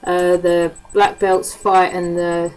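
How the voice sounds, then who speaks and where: Slow and lowish, with little pitch movement and a darkish tone, a Cockney vlogger from the East End chats to camera. She swears without restraint and fills her talk with ums and laughter. The recording is rough.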